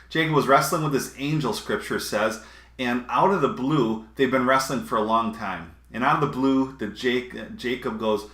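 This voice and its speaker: Bright-voiced man preaching casually in a roomy space. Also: medium pitch. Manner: conversational, chuckling asides. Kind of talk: casual sermon. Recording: roomy echo.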